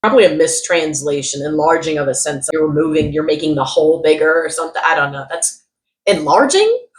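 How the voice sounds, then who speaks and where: A young woman vlogging comedic product reviews, sarcastic and animated, jumping from loud outbursts to muttered asides. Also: sits low, a little fast, low-quality recording. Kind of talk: casual comedic commentary.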